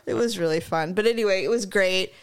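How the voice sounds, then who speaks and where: A woman's voice: medium pitch, quick pace, clear, resonant tone. A woman co-hosting a casual chat podcast, telling stories animatedly, laughing and swearing freely. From California. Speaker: podcast co-host.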